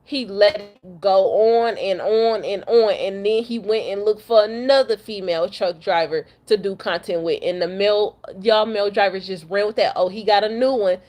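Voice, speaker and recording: A woman's voice: medium pitch, normal speed, hardly any pauses, a little mellow. A young woman from Detroit, a truck driver, venting bluntly to camera after crying, cussing and repeating herself. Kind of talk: emotional rant to camera.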